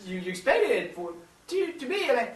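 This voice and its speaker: A man complains in casual, indignant, profane chat, his voice high. He sounds distant from the mic in a roomy space. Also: very animated, brisk. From France. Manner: indignant, swearing, laughing.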